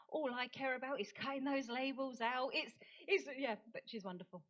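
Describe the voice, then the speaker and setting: A woman's voice: sits high, normal speed, hardly any pauses, fairly bright tone. A middle-aged woman from England, an autism campaigner, giving a chatty, self-deprecating talk at a forum with many fillers and restarts. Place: lecture hall. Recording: dull lo-fi recording.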